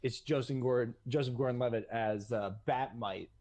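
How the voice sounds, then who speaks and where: A man in casual chat, reacting to a pitch with many pauses and fillers. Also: warm tone, slight background noise, rough recording. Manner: hesitant, many uhs, agreeable. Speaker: co-host.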